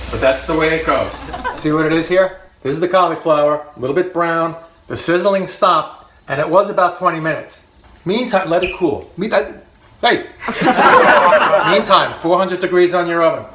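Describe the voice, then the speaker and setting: A man's voice: high-pitched, noisy background. Joking cooking-show man in an echoey kitchen. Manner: jokey, chatty, laughs often, repeats points for emphasis. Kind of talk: comedic cooking demonstration. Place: home kitchen.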